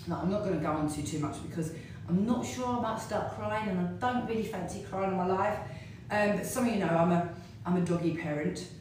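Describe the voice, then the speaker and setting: A middle-aged woman talks in a loose, rambling way as a fitness instructor, keeping up the chat while she exercises. Her voice sits slightly low. It rings around a very echoey studio and is picked up from a distance. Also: fairly quick, a little mellow, slight background noise. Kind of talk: casual chat while hula hooping.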